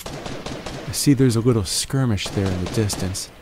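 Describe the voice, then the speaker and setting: A man in a groggy morning voice narrating his gameplay, relaxed and jokey, making little puns as he goes. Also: fairly low pitch, a little slow, background noise. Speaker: gaming video host. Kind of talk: gameplay commentary.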